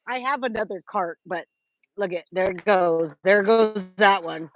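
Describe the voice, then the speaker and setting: A woman's voice: medium pitch, moderate pace, no room sound. Chatty woman livestream host. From California. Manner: chatty, greets viewers by name, many restarts. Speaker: livestream host reading chat. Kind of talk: casual livestream chat. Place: trailer. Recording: dry, slightly dull lo-fi sound.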